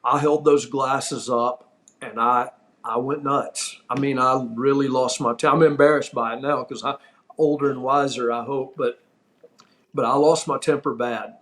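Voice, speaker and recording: A man's voice: mid-range voice, fairly even intonation, measured pace, a bit bright. A middle-aged man hosting a podcast, telling a backstage story in a casual, emphatic way and laughing now and then as he talks. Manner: emphatic, repeats himself for effect. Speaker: podcast host.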